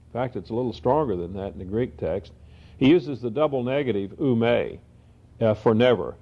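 A man teaching the Bible verse by verse, reading scripture slowly and then explaining it in quick asides. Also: mid-range voice, sing-song. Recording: dull lo-fi recording.

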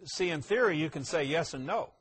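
A man with a high-pitched voice delivers a sermon as a pastor. He asks rhetorical questions and answers them firmly, swinging from loud emphasis to hushed, low asides. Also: lively intonation, brisk, husky.

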